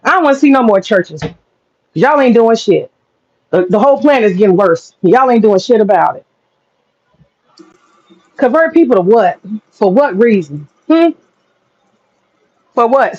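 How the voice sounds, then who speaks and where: On a live stream, a woman with a fairly high, darkish-toned voice delivers a blunt, profane rant to her chat, frequently breaking into laughter. The sound is dull lo-fi with faint noise.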